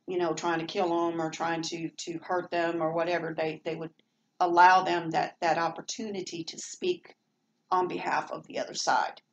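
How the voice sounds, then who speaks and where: A woman's voice: on the low side, dull audio, slight background noise. A middle-aged woman with a Southern American accent, chatting at length in a meandering home vlog with lots of fillers and restarts. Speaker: vlogger. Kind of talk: rambling casual monologue.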